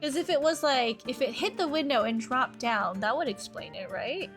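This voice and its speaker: A woman's voice: high-pitched, animated, moderate pace, fairly bright tone, soft background music. A young woman streaming a game, chatting casually, laughing often and reading character lines in mock-serious voices.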